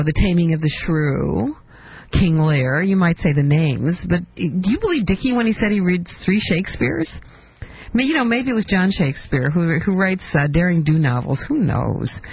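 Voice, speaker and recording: A woman's voice: lowish voice, very animated, moderate pace, husky, no room sound. A woman hosting talk radio, giving a sarcastic political commentary monologue full of mocking rhetorical questions, in dull lo-fi broadcast audio.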